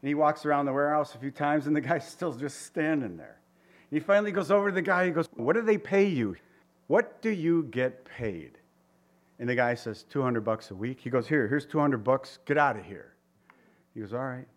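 A man's voice: medium pitch, expressive, a little fast. A man preaching a conversational sermon, asking his listeners questions and voicing quotes. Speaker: pastor.

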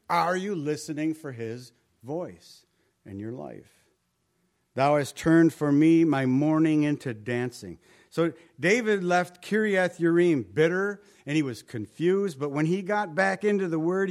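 A male pastor delivering a sermon with a slightly high-pitched voice. He speaks conversationally and leans on rhetorical questions. His tag lines drop soft and low.

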